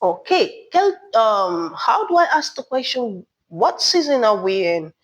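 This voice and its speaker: A woman teaches beginners at an unhurried pace. Her pitch rises and falls a lot as she stresses each new word. She often checks in with "okay?" and asks for repetition. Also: sing-song, dull audio. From Nigeria. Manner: drills words slowly, asks learners to repeat, checks with "okay?". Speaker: French teacher. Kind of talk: beginner language lesson.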